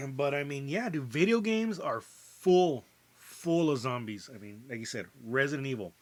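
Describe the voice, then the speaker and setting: A man's voice: mid-range voice, lively intonation, a little slow, fairly bright tone. Guy cohosting a podcast, loose rambly talk, swears a lot, lots of uh and like. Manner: rambling, swears a lot, many fillers and restarts. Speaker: podcast co-host. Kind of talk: casual chat.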